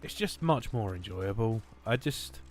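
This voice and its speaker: A man's voice: fairly low pitch, expressive, a little slow. A man with an Essex accent, rambling and swearing in a jokey way while streaming a shooter game. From England. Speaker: gaming streamer. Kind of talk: casual livestream commentary. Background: game gunfire.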